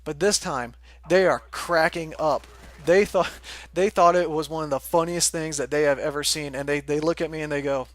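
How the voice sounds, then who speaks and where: A man's voice: a little high, normal speed, fairly bright tone. A young man casually telling a rambling story, laughing often and swearing freely. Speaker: forum moderator telling a story.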